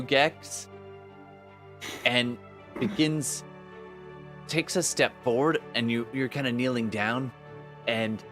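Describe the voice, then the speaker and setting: A man's voice: mid-range voice, a bit bright. A man running a tabletop game as game master, narrating with frequent fillers, restarts and laughs.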